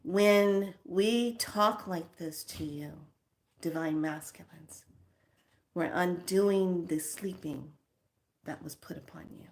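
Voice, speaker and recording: A woman speaks earnestly to her listeners in a spiritual talk, often letting her lines fade soft. Her voice sits slightly low. She moves easily into telling a story. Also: slow pace.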